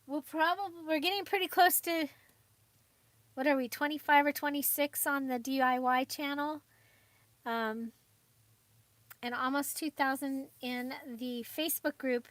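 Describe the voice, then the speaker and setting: A woman's voice: high voice, fairly even intonation, unhurried, pauses often, fairly bright tone, no room sound. A woman hosting a crafting channel, chatting casually and rambling with frequent fillers and little laughs. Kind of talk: casual livestream chat.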